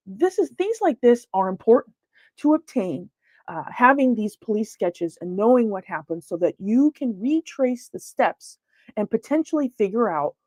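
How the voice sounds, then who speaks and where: A woman's voice: mid-range voice, darkish tone, dry recording. A woman giving a lecture as a paranormal investigator, talking casually with frequent fillers and restarts. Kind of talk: presentation lecture.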